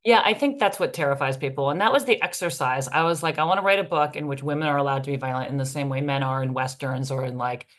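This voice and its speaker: A woman's voice: very deep voice, quick pace, few pauses. A woman author answering interview questions candidly, in a rambling way with many fillers.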